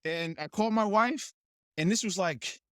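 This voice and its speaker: A man's voice: high voice, normal speed, clear, resonant tone, no echo, clean studio sound. A man who is a guest actor, telling a story in casual chat and animatedly acting out the voices he quotes. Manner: animated, acts out quoted voices, laughs often.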